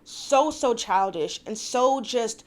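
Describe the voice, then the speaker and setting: Young woman, slightly high pitch, casual vlog recapper with blunt, exasperated opinions. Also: lively intonation, slow. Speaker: reality TV recap vlogger.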